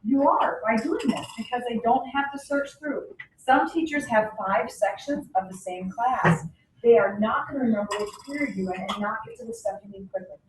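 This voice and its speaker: A woman teaching a class, telling lively anecdotes and acting out the people in them. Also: on the high side, normal speed, slight background noise. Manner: animated, acts out anecdotes. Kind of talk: classroom lecture. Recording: echoey classroom from far off.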